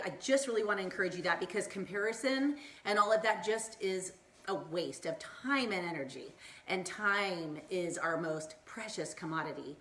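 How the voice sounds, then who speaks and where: A bubbly woman in her thirties gives motivational tips on a live stream, chatty and full of tangents. Her voice sits a little high, and the room around her rings with echo. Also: fairly bright tone. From Southern California. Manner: bubbly, tangent-prone, acts out quoted voices. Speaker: wellness vlogger. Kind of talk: upbeat motivational Facebook Live chat. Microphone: phone or laptop mic, live stream.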